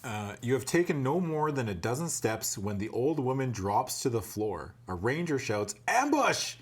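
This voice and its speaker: This is a man running a tabletop adventure, reading the book's passages aloud at an ordinary middle pitch. Between passages he drops into relaxed, profane joking with his friends at the table. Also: normal speed, husky. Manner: swaps between read-out narration and joking, cursing banter. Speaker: game master reading the gamebook. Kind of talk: reading adventure text aloud with casual asides.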